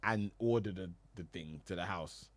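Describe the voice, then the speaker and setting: A man's voice: sits low, moderate pace. A man co-hosting a podcast, bantering and reading out fun facts, laughing often. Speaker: podcast co-host.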